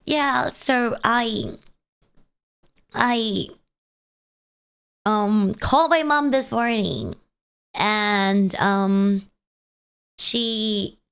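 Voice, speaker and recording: A woman streamer in casual chat, tearful and crying, talking in a halting, hesitant, self-conscious way. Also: mid-range voice, creaky, fairly bright tone, clean tone. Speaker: VTuber streamer.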